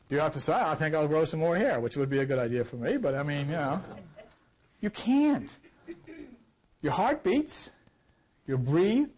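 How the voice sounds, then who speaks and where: An older man with a high-pitched voice lectures a class on scripture, rambling and addressing the room conversationally with big swings in loudness. He's recovering from a cough, which leaves his voice slightly rough.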